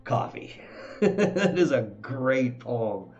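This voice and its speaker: A man streams a video game and chats casually, poking fun at his own failures and chuckling often, while faint game music plays. His voice is mid-range, steady and dark, he speaks slowly, and the sound is lo-fi.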